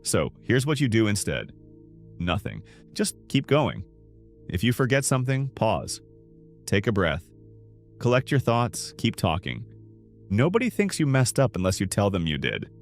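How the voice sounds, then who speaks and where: A man's voice: fairly low pitch, huge pitch swings, unhurried, vocal fry, pauses often, faint music behind. A man narrating a scripted self-help lesson, in emphatic, punchy short sentences. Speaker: speaking coach.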